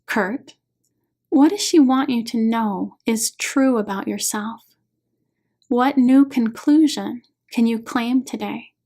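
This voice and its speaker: A woman reading her own book aloud as an audiobook, in a calm, measured way. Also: fairly high pitch. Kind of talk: audiobook narration.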